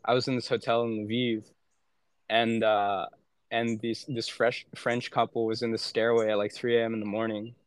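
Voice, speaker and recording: A man's voice: medium pitch, level tone, normal speed, clean tone, dry recording, clean studio sound. A young man and former aid worker chatting casually as a podcast guest, rambling with many filler words and frequent swearing. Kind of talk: casual chat.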